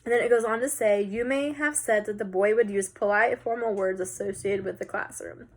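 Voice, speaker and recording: A woman teacher casually walking students through a recorded lesson, talking in a relaxed way with some filler words. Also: mid-range voice, a little fast.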